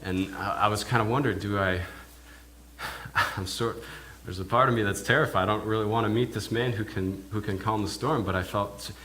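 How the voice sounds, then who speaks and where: A minister playing a stammering village pig herder. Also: male voice, fairly low pitch, fairly even intonation, normal speed, pushed and bright, slight background noise. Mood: awed. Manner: hesitant, often repeats and restarts words. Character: adult male village pig herder, awed and talkative. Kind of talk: in-character first-person sermon monologue. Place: church.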